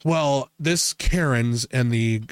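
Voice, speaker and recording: A man's voice: mid-range voice, slow, clear, resonant tone, no echo. Young guy rambling thru funny stories on a podcast, laughs a bunch, dead dry mic. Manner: rambling, laughs often, jokey, puts on loud childish voices in anecdotes. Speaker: podcast host. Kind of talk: casual podcast chat, storytelling.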